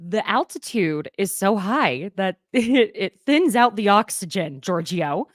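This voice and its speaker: A woman's voice: mid-range voice, big pitch swings, unhurried, no room sound, studio quality. A young adult woman with a slight Southern accent, hosting a casual gossip recap and laughing often. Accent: Southern American. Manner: chatty, laughs often, reads quotes aloud. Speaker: podcast host.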